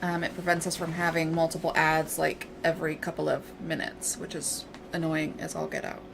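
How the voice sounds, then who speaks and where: A woman's voice: sits low, moderate pace, gravelly. A woman game streamer chatting casually and playfully with her viewers while she waits on her game. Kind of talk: casual livestream chat. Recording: steady background noise.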